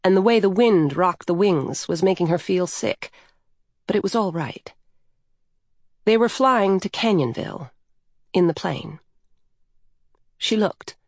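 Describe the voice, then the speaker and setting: A woman narrating a story aloud in a calm, even storytelling manner. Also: fairly low pitch, a little slow, long pauses, dry recording, clean studio sound.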